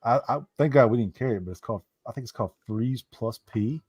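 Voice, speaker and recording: A man's voice: medium pitch, quick pace, a little mellow, husky, no room sound. A man chatting casually on a podcast, laid-back, with stammered restarts. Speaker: podcast co-host. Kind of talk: casual chat.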